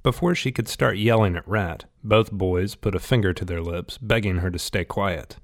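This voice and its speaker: A man reading a novel aloud in steady, scripted audiobook narration. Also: low-pitched, normal speed.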